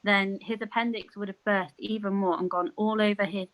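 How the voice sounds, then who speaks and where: A woman's voice: mid-range voice, fairly even intonation, normal speed, highs cut off. A middle-aged woman, a podcast guest chatting casually and telling personal stories, acting out what others said. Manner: chatty, storytelling with acted-out quotes and laughs. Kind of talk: casual conversation.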